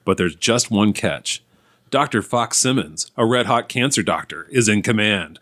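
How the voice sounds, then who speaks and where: A dramatic male movie-trailer announcer, as a man puts him on, reading a spoof film blurb with slow, weighty pacing. His voice sits fairly low. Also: lively intonation, fairly bright tone, dry recording, clean studio sound.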